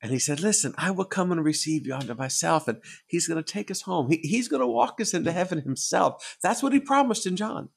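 A man preaching a sermon, emphatic and repetitive, dropping from loud declarations to hushed tones and chuckling between points. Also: fairly high pitch, animated, brisk, creaky, few pauses, husky. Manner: emphatic, repeats words for effect, swings between loud and hushed.

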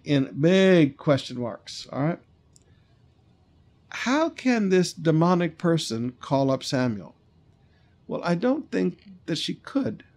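Male pastor, sermon, reads then explains emphatically, slightly high voice. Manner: reads scripture then comments emphatically, repeats points.

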